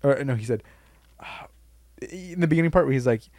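A man's voice: animated, brisk, a little mellow, no room sound, clean studio sound. Rambling young man in casual podcast chat. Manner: rambling, swears, acts out quotes with big pitch jumps. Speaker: podcast co-host.

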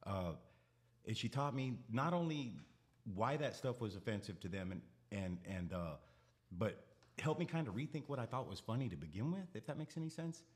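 A man's voice: mid-range voice, big pitch swings, normal speed. A man telling his own stories as a guest on a casual podcast. He rambles, restarts with repeated words and laughs his way through, blunt and profane. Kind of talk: casual podcast chat, storytelling.

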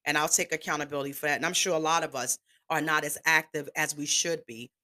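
Woman about 50 just talking on her podcast, kinda low voice, real candid and emotional, swears a bit. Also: steady tone, quick pace, pushed and bright. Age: 50s. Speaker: podcast host. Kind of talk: personal monologue.

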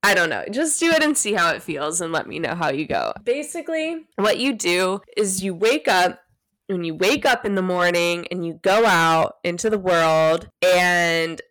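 A woman hosting a solo podcast, talking gently and guiding listeners through a practice, sometimes dropping to a hush. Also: fairly low pitch, lively intonation, dry recording, clean studio sound. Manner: soft, gentle, unhurried guidance; drops to a hushed near-whisper when demonstrating. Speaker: podcast host.

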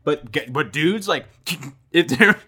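A man's voice: fairly high pitch, animated, slow, pushed and bright, slightly rough. A young man, co-hosting a podcast, who tells stories casually and animatedly, swearing and acting out voices. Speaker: podcast co-host. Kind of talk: casual chat.

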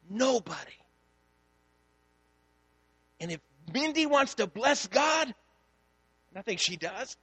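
A man's voice: high-pitched, breathy edge, in a large hall. A man, a pastor, preaching a sermon and telling a story, acting out the dialogue. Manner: storytelling, animated, acts out dialogue.

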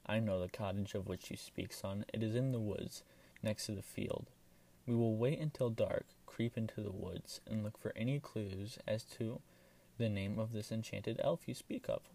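A man voicing an earnest, tearful farmer father who speaks in a grave, hushed way. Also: fairly low pitch, normal speed, vocal fry, recorded from a distance. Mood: resolute.

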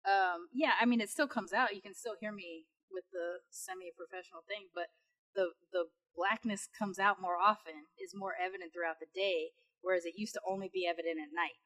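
A woman's voice: on the low side, a little fast. Chatty Long Beach woman podcast host. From Long Beach, California. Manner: animated storyteller, many "like" fillers. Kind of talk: casual chat.

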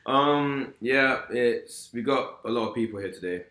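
A man's voice: mid-range voice, measured pace, fairly bright tone. A man hosting a casual podcast, teasing his friends in loose slang. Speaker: podcast host. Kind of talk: casual group chat. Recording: roomy room.

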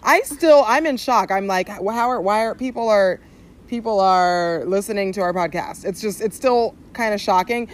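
A woman's voice: mid-range voice, normal speed. Chatty young woman podcasting outdoors. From Southern California. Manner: chatty, laughing, lots of fillers. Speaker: podcast co-host. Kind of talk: casual chat. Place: outdoors in a backyard.

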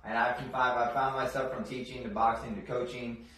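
A professional boxer and trainer in a casual podcast interview, telling stories with lots of restarts and repeated words. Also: male voice, medium pitch, brisk. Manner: animated storytelling with frequent restarts and repeated words. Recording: very echoey room, distant mic, faint noise.

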